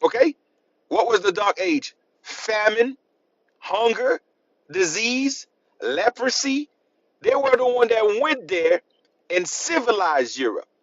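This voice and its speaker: A man's voice: high voice, very animated, takes it slowly, long pauses, a bit bright, no room sound. A man lecturing on history, emphatic and repetitive, asking the listener rhetorical questions. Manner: emphatic, repeats points, asks rhetorical questions. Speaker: history channel host. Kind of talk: lecturing to camera. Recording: dull lo-fi sound.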